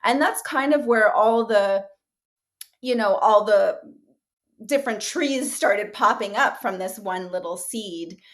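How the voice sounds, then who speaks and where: A woman actress and writer talking in a casual interview, animated and chatty with lots of fillers and quick asides. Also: medium pitch.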